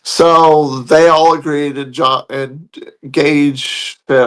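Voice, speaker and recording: A man's voice: a little high, fairly even intonation, very slow, clean tone. A man telling a story in a casual, blunt, heated way, swearing freely. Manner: blunt, profane, heated retelling. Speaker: podcast guest telling a story.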